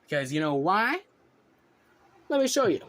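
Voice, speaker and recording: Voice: mid-range voice, big pitch swings, normal speed, a bit bright. A vlogger ranting indignantly at viewers in a profane reaction commentary.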